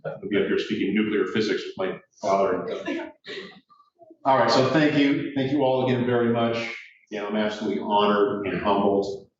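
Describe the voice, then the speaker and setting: A man's voice: on the low side, moderate pace, a little hiss or hum. Man giving a self-deprecating ceremony speech; distant mic, echoey room. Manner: joking, self-deprecating storyteller. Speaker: speaker at a ceremony. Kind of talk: casual speech. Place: courtroom. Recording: echoey room from far off, dull.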